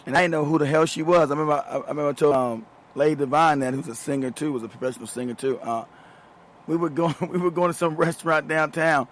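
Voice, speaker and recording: A man's voice: on the high side, steady tone, fast. Profane, laughing man spinning stories. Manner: loose and profane, laughs through his stories, repeats words. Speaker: show host. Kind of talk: casual storytelling monologue.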